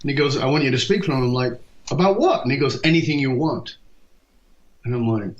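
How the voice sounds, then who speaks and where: Animated guy in his 50s telling stories, does the voices, mid pitch, kinda dull lo-fi sound. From England. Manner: lively, acts out quoted dialogue, quick asides. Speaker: guest, leadership speaker. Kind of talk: storytelling interview talk. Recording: dull lo-fi podcast recording.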